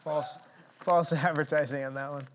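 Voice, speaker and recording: A man's voice: fairly high pitch, fairly even intonation, background noise. A man hosting a casual podcast, reading news items and listener comments with dry jokes. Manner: dry, quick jokey asides. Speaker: podcast host.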